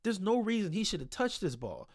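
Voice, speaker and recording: A man's voice: sits high, huge pitch swings, brisk, no room sound, studio quality. A man breaking down basketball game film in a casual, exasperated and blunt way, swearing freely.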